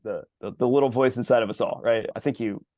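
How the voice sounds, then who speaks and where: A man's voice: mid-range voice, fast, darkish tone, no room sound, studio quality. A man co-hosting a podcast, talking casually in a rambling, profane, loose way. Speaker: podcast co-host.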